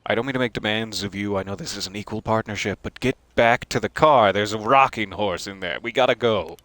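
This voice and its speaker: A man's voice: lowish voice, fast, a bit bright, no echo. A male streamer doing let's-play commentary with puns and dry, sarcastic asides.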